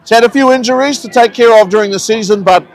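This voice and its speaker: High-voiced New rugby commentator. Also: male voice, fast talker, gravelly, poor audio. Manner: easygoing, chatty play-by-play with local asides. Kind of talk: live sports commentary. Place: outdoors at a rugby ground.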